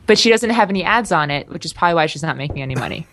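A young woman co-hosts a podcast in easygoing chat, her voice sitting on the lower side. She rambles, restarts and breaks into giggles often. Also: expressive, very fast, a bit bright. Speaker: podcast co-host. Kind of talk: casual chat.

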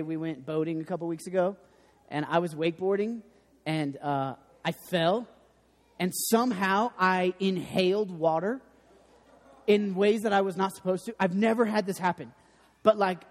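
A young man preaching a sermon, telling lively stories with a self-deprecating humor. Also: sits high. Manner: animated storytelling, self-deprecating. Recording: long hall reverb.

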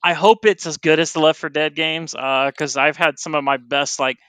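A man co-hosting a casual gaming podcast, chatty and relaxed with plenty of filler words. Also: fairly high pitch, normal speed, smooth, no echo. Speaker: podcast host.

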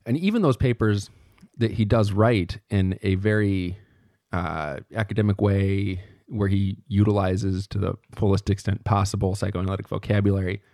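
Chatty man giving a relaxed lecture. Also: fairly low pitch, dry recording, clean studio sound. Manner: chatty, asks "right?" often, trails off and restarts. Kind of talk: casual podcast lecture.

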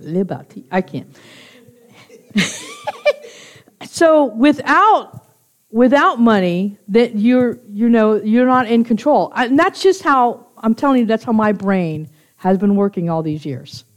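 A woman teaching an informal Bible study to a small group, chatty and confessional, often restarting and correcting herself and laughing with her listeners. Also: fairly high pitch. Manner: laughs easily, jokes with listeners.

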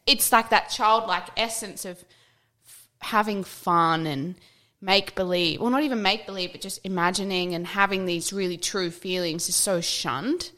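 A woman's voice: mid-range voice, moderate pace, bright, forceful tone. A woman in her thirties, a podcast host, talking in a chatty, enthusiastic way with lots of fillers. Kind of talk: casual chat.

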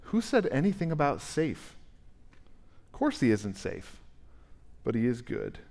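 A man's voice: mid-range voice, huge pitch swings, measured pace, creaky, a little mellow, heavily acted. A man voicing a blunt, wise male talking beaver in an emphatic storytelling manner, in an echoey church hall.

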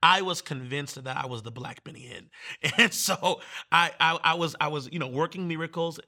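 A man from Virginia, a guest minister, telling his testimony in conversation in an animated way and acting out the voices he quotes. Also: a little high, moderate pace.

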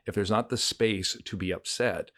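A man with a low, deep voice co-hosts a faith podcast in a reflective conversation. He talks earnestly, circling back with fillers and restarts. The recording is dry and close. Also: normal speed, fairly bright tone, dry recording. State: getting emotional. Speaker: podcast co-host. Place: countryside home.

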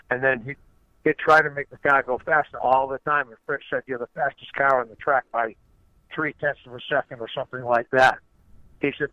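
A man's voice: medium pitch, no room sound. An older man, a retired race car driver, telling stories as a guest in a rambling way, often restarting his phrases. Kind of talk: conversational storytelling. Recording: dull lo-fi audio.

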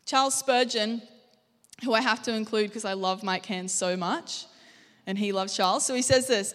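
A woman's voice: mid-range voice, moderate pace, fairly bright tone, big-room sound. A young Australian woman giving a conversational sermon in a church, joking and quizzing the congregation. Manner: chatty, jokey, quizzes the congregation. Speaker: guest preacher. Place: church auditorium.

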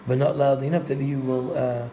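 A man's voice: mid-range voice, fairly even intonation, moderate pace, music in the background. A man, a rabbi, giving a spoken lesson on Jewish law, explaining step by step and glossing Hebrew terms in English.

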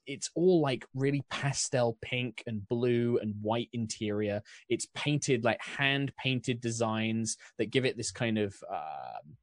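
A man's voice: mid-range voice, slow pace, dry recording, studio quality. A man narrating as dungeon master, describing scenes in a rambling way full of fillers. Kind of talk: narrating a tabletop game.

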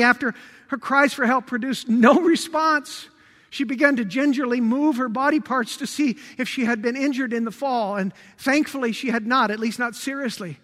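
A man preaches a sermon in a strikingly high and bright voice. He leans on repeated rhetorical questions, rising to force and then falling to a hush. The sound carries the long reverb of a large hall. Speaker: pastor.

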